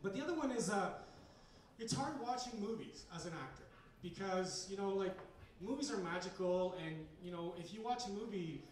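A man does stand-up comedy with a rambling, hesitant delivery full of fillers, and his voice sits high for a man. He was recorded from far back in a bar, with heavy room echo and a faint hum of ambience. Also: lively intonation, normal speed. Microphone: handheld recorder in the audience.

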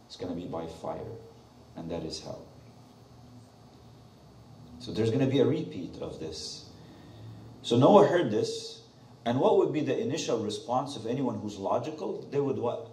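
A man preaches with an animated, rising and falling voice, firing questions at his congregation. His mellow tone carries through an echoey sanctuary, heard from a little way off the mic. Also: on the high side, normal speed, distant mic. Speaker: pastor. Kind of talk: sermon. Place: church sanctuary.

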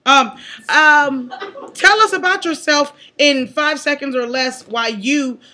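A woman's voice: high voice, slow, sharp tone. A woman reporter playfully interviewing contestants, bubbly and teasing, laughing often. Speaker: contest entrant and field reporter.

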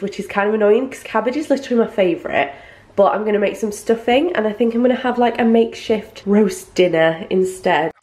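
A woman's voice: mid-range voice, darkish tone, reverberant. A young woman chatting casually to her camera in a rambling, giggly way. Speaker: vlogger. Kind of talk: casual vlog chat to camera.

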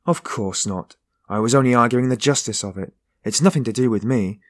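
A man's voice: mid-range voice, a little fast, lightly acted. A man voicing a young male officer who answers in an offhand, dismissive way.

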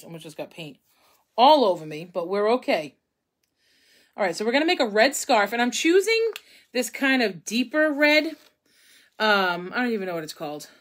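A woman's voice: mid-range voice, fairly bright tone, poor audio. Chatty woman painting live on stream. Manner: chatty, rambling, talks to viewers while working. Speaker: craft live-stream host. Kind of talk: casual live painting tutorial.

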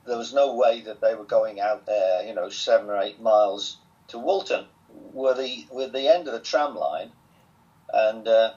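An older man with a Southwest Lancashire accent tells stories at a relaxed pace with a dry, self-amused humour. His voice sits fairly low. The recording sounds dull and lo-fi. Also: normal speed. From England. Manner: chatty, wry, self-amused. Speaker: interview guest. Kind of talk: relaxed storytelling.

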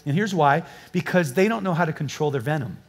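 Pastor with a high, story-driven voice. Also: male voice, lively intonation, a little fast. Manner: storytelling, joking with the congregation. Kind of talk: sermon. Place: church before a live congregation.

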